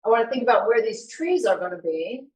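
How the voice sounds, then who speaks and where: A woman giving a live painting demonstration to an audience, talking in a relaxed, chatty way and thinking aloud as she works. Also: on the high side, fast talker. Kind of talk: live art demonstration talk. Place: meeting room with an audience. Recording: echoey room recorded from far off.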